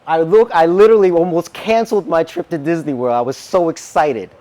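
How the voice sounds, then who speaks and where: A man preaching a sermon, telling a personal story in an animated way and acting out the dialogue. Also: fairly high pitch, a little fast. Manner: animated, acts out quoted dialogue. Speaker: minister.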